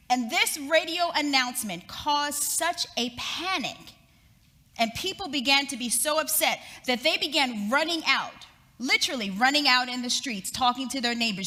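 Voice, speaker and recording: A middle-aged woman giving a talk as guest speaker, telling a story in a lively, dramatic way, recorded in an echoey event hall. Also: high-pitched, normal speed.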